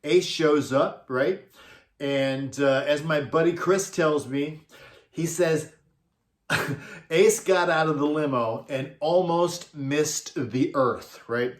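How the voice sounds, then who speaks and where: A man's voice: a little high, takes it slowly. A man who worked as a concert monitor engineer, telling a casual, chuckling anecdote in a laid-back way. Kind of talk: casual storytelling. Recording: roomy echo.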